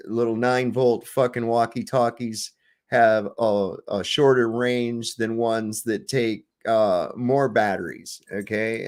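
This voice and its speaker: A man with a voice of ordinary pitch rants casually over clips, swearing, laughing and mocking whoever he talks about. His talk is loose and crude, full of asides. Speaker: streamer reacting to clips. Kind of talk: casual profane commentary.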